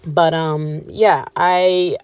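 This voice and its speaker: A woman's voice: low-pitched, fairly even intonation, drawn-out words, darkish tone, clear, resonant tone, dry recording. A woman with a Guyanese accent, chatting casually to camera about gardening, with many fillers and asides. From Suriname, raised Guyanese. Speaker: gardening vlogger.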